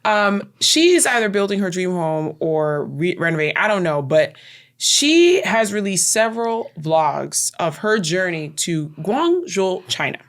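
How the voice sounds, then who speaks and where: A woman co-hosting a podcast, telling stories in a lively, casual way and stretching words for emphasis. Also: on the low side, measured pace. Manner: animated storyteller, drawls words for emphasis. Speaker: podcast co-host. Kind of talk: casual chat.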